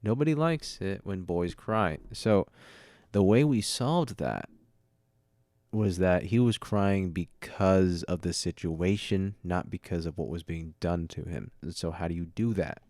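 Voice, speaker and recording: A sleepy podcast host rambles on his solo show about writing a script, yawning and laughing at his own jokes. His deep, dark-toned voice moves a little slowly, recorded studio-quality with no echo on a studio mic through an audio interface.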